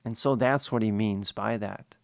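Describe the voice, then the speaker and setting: A man's voice: lowish voice, measured pace, creaky, no echo, studio quality. A priest giving a sermon, explaining scripture earnestly and posing questions he then answers himself.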